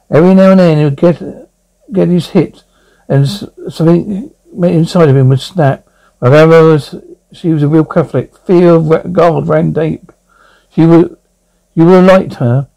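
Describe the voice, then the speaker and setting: A man's voice: a little high, fairly even intonation, moderate pace, vocal fry, mellow, low-quality recording. A man voicing a brooding young blind lawyer at confession, stammering through his memories in an amateur audio drama.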